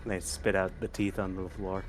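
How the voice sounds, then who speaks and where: A man playing a tabletop horror game, relaxed and a little hesitant as he describes his character's moves. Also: low voice, brisk, a little hiss or hum. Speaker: player. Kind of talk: casual tabletop role-play.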